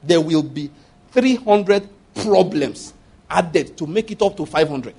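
A man's voice: a little high, lively intonation, slow pace, creaky, a little mellow, slightly rough. A man preaching a sermon, acting out prayers and asking the congregation rhetorical questions. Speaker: pastor.

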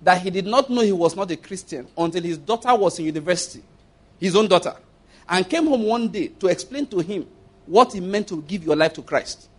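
A man's voice: high voice, expressive, brisk. A man preaching a sermon, telling stories and jokes with emphatic, acted-out quotes.

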